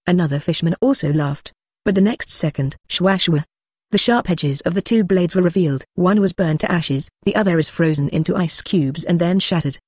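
A synthetic audiobook narrator reading a fan-fiction story in a flat, steady way, with stilted phrasing. The pitch sits in the middle, and the recording is close and dry with no room sound. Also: a little fast, husky, dry recording.

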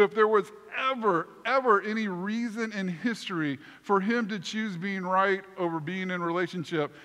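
A male pastor delivers his sermon in a high, bright voice that carries long reverb through the church sanctuary. He tells his story with animated energy and pokes fun at himself. The delivery is warm-hearted storytelling from the pulpit. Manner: animated, self-deprecating storyteller.

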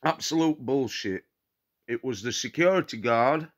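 An angry man with a Nottinghamshire English accent rants straight at the camera. He sounds blunt and defiant and keeps hammering the same points. His voice sits at an ordinary middle pitch. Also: a little slow. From England. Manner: indignant, repetitive, blunt and defiant. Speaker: paranormal vlogger. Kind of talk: angry direct-to-camera rant.

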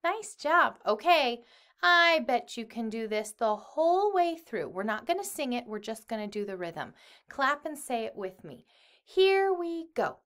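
A woman's voice: a little high, big pitch swings, a little slow, a bit bright. A woman music teacher leading young children through a clapping lesson online, speaking the rhythm syllables and singing along with them. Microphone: computer mic at a desk.

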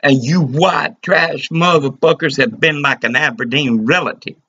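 A man's voice: a little high, normal speed, pushed and bright, slightly rough. A man delivering an agitated, rambling, profane rant to the camera. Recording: dull lo-fi recording.

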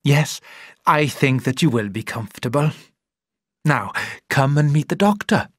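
A man voicing a brisk, falsely cheerful middle-aged woman, the doctor's sister, in a storybook reading. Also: mid-range voice, animated, fairly bright tone, no room sound, clean studio sound. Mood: bossy cheerful.

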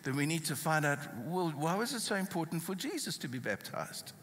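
A man's voice: fairly high pitch, big pitch swings, a little fast, a bit bright, a little hiss or hum. A South African man preaching a sermon, reading scripture aloud with emphatic stress. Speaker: pastor. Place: church hall. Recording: reverberant church hall.

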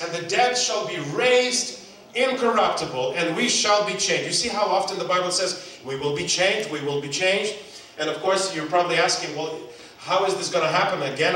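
A man preaching at a seminar, animated, breaking into loud mock calls and quizzing his audience. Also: sits high, a little hiss or hum. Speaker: seminar speaker. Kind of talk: sermon. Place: hotel hall. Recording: very echoey hall, mic far off.

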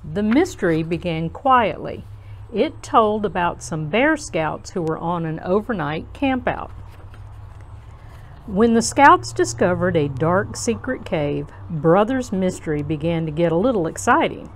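Woman reading a children's storybook slowly. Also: on the low side, slight background noise. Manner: slow, gentle, expressive reading. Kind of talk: storybook read-aloud.

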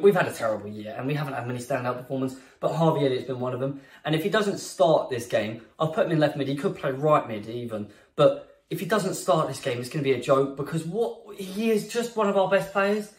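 Animated football fan in an echoey room. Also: male voice, a little high. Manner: animated, opinionated, jokey. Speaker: football fan channel host. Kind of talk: casual opinion vlog. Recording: roomy echo, a bit far from the mic.

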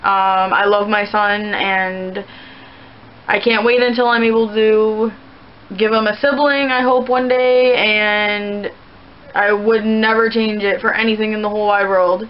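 A woman's voice: medium pitch, level tone, measured pace, clean tone. Chatty young woman, lo-fi. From Canada. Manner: rambling, chatty, many "like" fillers. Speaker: vlogger answering viewer questions. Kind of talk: casual chat to camera.

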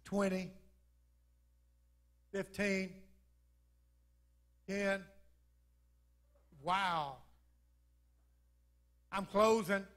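A pastor with a noticeably high voice delivers a church sermon. He shifts from scripture reading into folksy, humorous storytelling, leaning on a preacher's rhythmic cadence. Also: fairly even intonation, drawn-out words, long pauses, fairly bright tone. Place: church sanctuary.

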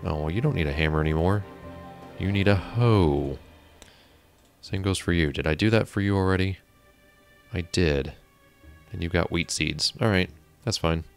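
Deep gravelly man narrating his gameplay. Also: moderate pace, long pauses, soft background music. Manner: muttering to himself, exasperated at game characters. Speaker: gameplay commentator. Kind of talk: casual let's-play commentary. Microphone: desk mic on a stand.

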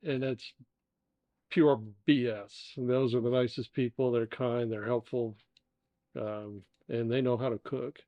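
A man's voice: mid-range voice, fairly even intonation, unhurried, no room sound, dull audio. An older American man, the father co-hosting a casual home podcast, telling easygoing travel stories with lots of fillers. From United States. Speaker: co-host, the father. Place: indoor dining room.

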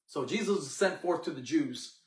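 A man's voice: fairly high pitch, animated, normal speed, distant mic. A man preaching a sermon, telling the story dramatically and acting out the characters. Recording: echoey room, mic from afar.

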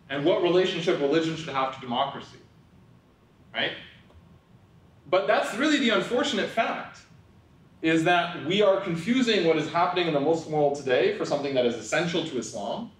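A young man from New York gives a public talk in a loose, conversational way, with wry asides and plenty of "um" and "right?". His voice sounds distant and carries the echo of a large hall. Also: on the high side. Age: young adult. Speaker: public speaker. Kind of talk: lecture talk with humorous asides. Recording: echoey hall, voice from far off.

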